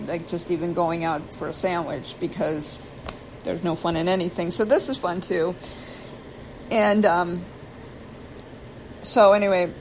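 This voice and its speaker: Woman, lowish voice, rambling self-deprecating vlogger, faint hiss behind. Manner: rambling, self-deprecating, spells words out letter by letter; slow careful pronunciation attempts. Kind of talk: casual self-taught language practice.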